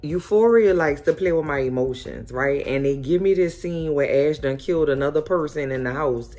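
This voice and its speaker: A woman hosting a casual recap of a TV episode, telling it in a sassy, animated way full of exclamations. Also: sits low. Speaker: host.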